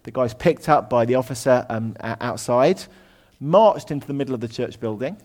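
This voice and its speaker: A man delivering a sermon in an easygoing, conversational way, with fillers and asides. His pitch sits in a middle range, and he often drops his voice to a hush. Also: moderate pace. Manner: conversational, with many ums and asides, dropping to a hush at times. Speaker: preacher. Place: lecture room.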